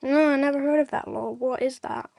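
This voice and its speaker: A woman's voice: high-pitched, steady tone, a little fast, creaky, a little mellow, no room sound. A woman co-hosting a casual chat, easygoing and playful. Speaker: co-host.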